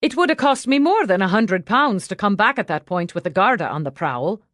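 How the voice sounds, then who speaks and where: A steady, understated Irishman of means, as a woman narrator reads him. He speaks in a calm, measured way, with a lively rise and fall in a dry audiobook recording. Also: high-pitched, no room sound. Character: wealthy Irishman returned home, calm and steady. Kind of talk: audiobook character voice.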